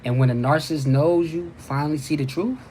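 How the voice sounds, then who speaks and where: A man's voice: fairly high pitch, fairly quick, darkish tone, a little hiss or hum, rough recording. Emphatic man hosting a live advice call. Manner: direct and emphatic, keeps asking "you know what I'm saying". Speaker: host.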